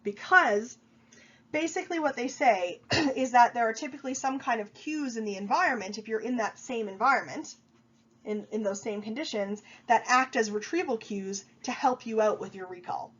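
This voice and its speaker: Woman, college lecturer, slightly stuffy from a cold, higher voice, dull lo-fi recording. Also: moderate pace, a bit bright, husky. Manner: explanatory, with frequent fillers. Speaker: college instructor. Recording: dull lo-fi sound.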